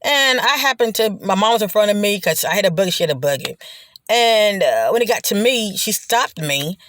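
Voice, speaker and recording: A speaker giving a casual motivational talk, loose and conversational, often checking in with "okay?" and "you know", slowing and softening on reflective points. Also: medium pitch, expressive, slight background noise. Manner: slows down and drops soft on reflective points. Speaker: vlogger sharing personal testimony.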